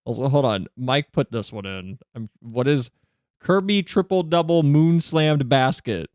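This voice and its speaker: A man streaming live, chatting casually and answering questions from his chat, with quick asides that climb higher when he gets flustered. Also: a little mellow, dry recording, studio quality.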